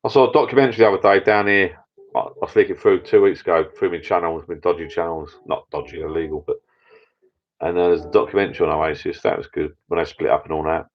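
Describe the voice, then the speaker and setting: A man's voice: deep voice, fairly even intonation, fast talker. A man rambling in a casual live chat with viewers from his home bar room. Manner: rambling, chatty, many restarts. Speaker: channel host. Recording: dull lo-fi sound.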